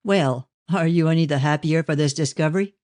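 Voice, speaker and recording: A man voicing a stern, guarded older Victorian father who speaks in a measured, ironic way in an audiobook. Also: a little high, darkish tone, dry recording, lightly acted. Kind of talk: audiobook reading of a novel.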